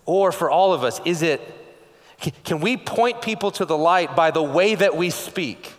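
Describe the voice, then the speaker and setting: West texas guy preaching, kinda high voice, lots of quick questions, big echoey hall. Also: expressive. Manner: conversational preaching, rapid rhetorical questions, frequent "okay?". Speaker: pastor. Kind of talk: sermon.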